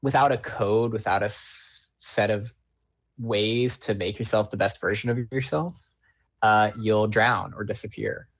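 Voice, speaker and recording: A man's voice: fairly low pitch, fairly even intonation, a little slow, muffled recording. A man appearing as a writer guest on a podcast, talking passionately about a film's themes and swearing freely. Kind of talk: casual film discussion.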